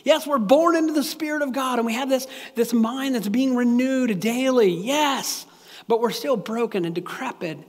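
A man preaching a sermon as a pastor, earnest and animated, often repeating himself. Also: extremely high pitch, normal speed. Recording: long hall reverb.

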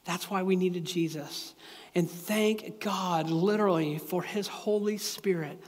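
A man's voice: high-pitched, measured pace. A man preaching a sermon as a pastor, casual and confessional, with many restarts and asides. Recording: echoey hall with long reverb.

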